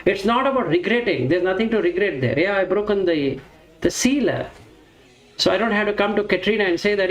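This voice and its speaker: A man's voice: high voice, lively intonation, fairly quick. A man giving a reflective teaching talk on Buddhist practice, explaining step by step and asking and answering his own questions. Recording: roomy echo with faint music.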